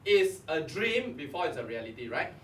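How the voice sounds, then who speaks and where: A man's voice: fairly high pitch, very animated, normal speed, a bit bright, recorded from a distance. A middle-aged man with a Malaysian English accent, coaching a live audience at a motivational seminar and firing rhetorical questions at them. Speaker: network marketing coach. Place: meeting room before a live audience. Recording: echoey room, voice off-mic, faint hum.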